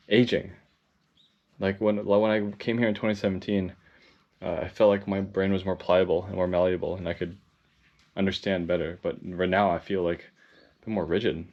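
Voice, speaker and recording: A man vlogging while traveling, casual and excitable, rambling and swearing. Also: low voice. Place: outdoors and in temples while traveling. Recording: dull lo-fi audio with clear background noise.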